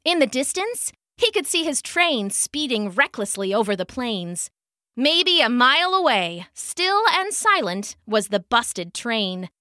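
Telling a children's story a little slowly, a woman uses a bright, high voice that ranges widely in pitch and stays lively and expressive throughout. She leans into the sound-effect words, recorded close and dry without any room echo.

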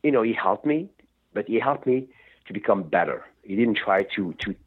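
A man's voice: fairly low pitch, animated, moderate pace, breathy edge. A man, a rock singer, talking in a rambling way and often laughing during a radio interview over the phone. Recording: tinny phone line.

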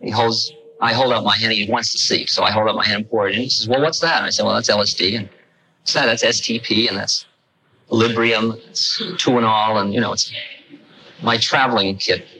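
An older man telling a personal story to an audience, animated and acting out the lines he quotes. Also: fairly low pitch, a little fast, slight background noise, rough recording. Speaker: speaker recounting a personal story. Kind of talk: storytelling talk.

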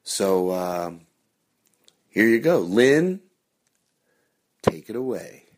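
Low-voiced host talking softly. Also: male voice, very animated, extremely slow. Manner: soft-spoken, partly whispering. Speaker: radio show host. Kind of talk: casual chat.

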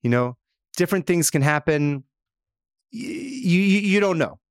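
Give me a man playing a smooth, persuasive salesman with a lively, bouncy delivery. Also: a little high, unhurried, no room sound, studio quality, pitched above the performer's own voice. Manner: folksy persuasive sales patter. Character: smooth-talking male salesman pitching insurance.

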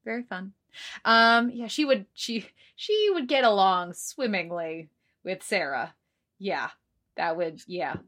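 A woman's voice: medium pitch, expressive, takes it slowly, fairly bright tone. A woman co-hosting a casual podcast, reading out listener comments in an easygoing way with lots of hesitant fillers. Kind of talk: casual chat.

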